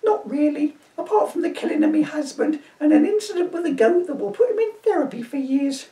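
A man voicing a shrill, indignant old village woman in a high, quavering crone voice. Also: expressive, a little fast, warm tone, distant mic. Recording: roomy echo, voice from off-mic.

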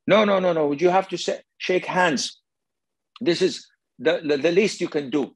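A man putting on the voice of an indignant, offended Western woman in a high, scolding tone. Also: moderate pace, breathy edge, no echo. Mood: outraged. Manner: shocked, scolding.

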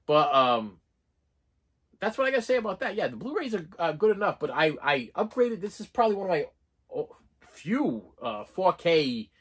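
Man, casual film reviewer, rambling, excitable, bright tone, high voice. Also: moderate pace, breathy edge. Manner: excitable, rambling, with many restarts and fillers. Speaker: movie reviewer.

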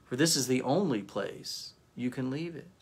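A man doing a quiet, firm angel. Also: mid-range voice, lively intonation, normal speed, husky. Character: calm, stern male angel gatekeeper.

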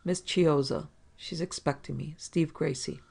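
A narrator voicing a terse young male detective, flat and clipped in a 1940s crime story. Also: fairly high pitch, unhurried, creaky, breathy edge, exaggerated voice. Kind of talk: audiobook reading.

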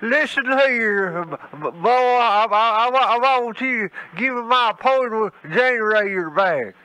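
A man's voice: very high voice, expressive, measured pace, sharp tone, full character voice. A man voicing a stuttering, furious old man in a wheelchair, heard over a tinny phone line. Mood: sputtering. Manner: heavy stutter, sputtering insults.

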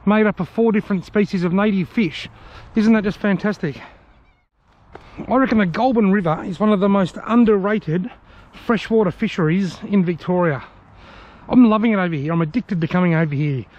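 An Australian man with a high voice, chatting enthusiastically to viewers on a riverbank as he narrates a fishing vlog. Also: a little fast, muffled recording. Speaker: fishing vlogger. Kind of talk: casual outdoor vlog narration. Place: outdoors on a riverbank.

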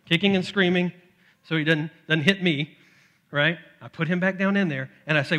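Animated bright-voiced male preacher. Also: fairly high pitch, a little fast, lo-fi sound. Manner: animated storytelling, acts out his toddler's shouts. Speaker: pastor. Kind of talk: sermon with personal story. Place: church sanctuary.

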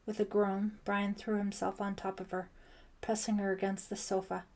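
A woman narrating a thriller audiobook in steady, scripted storytelling. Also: medium pitch. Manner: slow, even storytelling.

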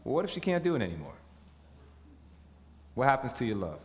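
A man preaching a sermon, emphatic and animated, questioning his audience as he goes. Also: medium pitch, quick pace, pauses often. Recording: reverberant hall.

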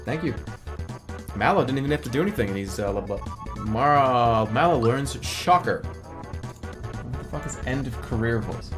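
Animated swearing male game streamer. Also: medium pitch, normal speed, long pauses. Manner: animated, swearing, sudden excited yelps. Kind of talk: live gaming stream commentary. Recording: game music in background.

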